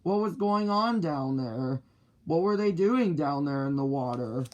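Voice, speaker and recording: Guy reading a kids' book out loud, slow and careful, plain voice. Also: fairly high pitch, animated, muffled recording, noisy background. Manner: slow, deliberate, clearly paced reading. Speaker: storybook reader. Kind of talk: reading a children's book aloud.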